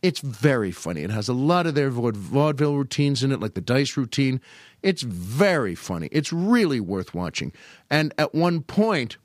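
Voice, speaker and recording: In clean studio audio without any room sound, an older male podcast host spins casual tales about old comedy at a moderate pace. He stays animated throughout, frequently imitating old comedians in high put-on voices.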